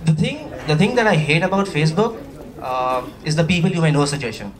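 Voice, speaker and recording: High-voiced stand-up comic from Pakistan. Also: male voice, fairly quick, far from the mic, a faint crowd. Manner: chatty, animated, with playful asides to the audience. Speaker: stand-up comedian. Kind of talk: stand-up comedy routine. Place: comedy stage before a live audience.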